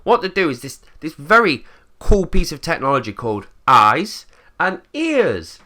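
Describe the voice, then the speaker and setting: A man with an English accent rants in a casual monologue, blunt and quick to swear. His pitch swings widely as he talks. His tone is bright and forward. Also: very animated. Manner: blunt and sweary, acts out quotes in put-on voices. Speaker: channel host.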